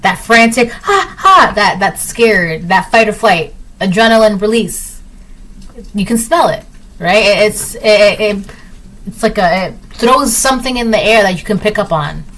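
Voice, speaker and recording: A woman's voice: medium pitch, a little slow, fairly bright tone, rough recording. A woman giving a casual tarot reading to her viewers. She repeats herself often and keeps checking in with "right?". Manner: acts out little voices in her examples. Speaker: tarot reader.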